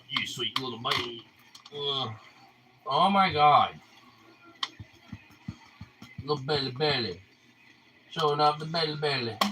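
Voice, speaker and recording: A young man at home talking to his husky dogs, mixing teasing baby talk with swearing. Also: medium pitch, noisy background. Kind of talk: casual talk to his pets.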